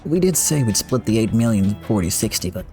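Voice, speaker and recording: A man voicing a scheming, smug male gang boss in an exaggerated fake accent, oily and shamelessly flattering. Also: lowish voice, fairly quick, soft background music. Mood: gloating.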